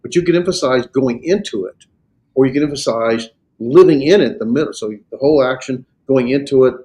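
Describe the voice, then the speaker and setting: A man with an American Southern accent lectures a small class on grammar in a middle-pitched voice. He explains step by step, circling back with fillers and false starts as he works through each point. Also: fairly quick, mellow. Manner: explains patiently with many fillers and restarts. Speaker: Greek instructor.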